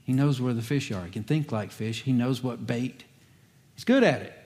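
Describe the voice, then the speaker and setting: A man's voice: medium pitch, normal speed, darkish tone. A man, a pastor, giving a conversational sermon with folksy asides and light humor.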